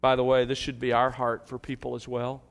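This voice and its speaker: A man preaching a sermon as a pastor, rising to emphatic, impassioned peaks and dropping to soft, earnest appeals. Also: medium pitch, monotone, brisk, gravelly.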